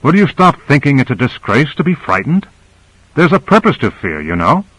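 A man voicing a calm male hero who reassures and explains in an even voice. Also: medium pitch, normal speed, husky, dry recording, rough recording. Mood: reassuring.

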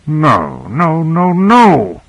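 A man reading the part of a gruff, impatient man in charge who swears when exasperated, in an audiobook. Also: medium pitch, normal speed, a bit bright, dry recording, natural voice, poor audio.

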